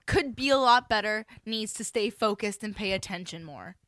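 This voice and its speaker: A woman's voice: medium pitch, lively intonation, moderate pace, fairly bright tone, no room sound. A young woman in casual chat, blunt and swearing freely, acting out what other people say.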